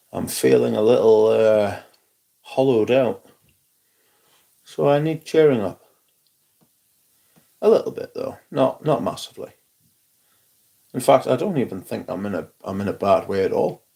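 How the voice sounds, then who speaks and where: A man's voice: mid-range voice, creaky, mellow. A man hosting a casual live stream, chatting wryly and greeting viewers by name. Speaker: livestream host.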